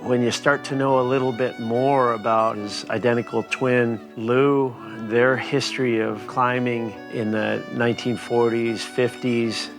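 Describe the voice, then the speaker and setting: A man in a documentary interview, speaking in a measured, reflective way. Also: medium pitch.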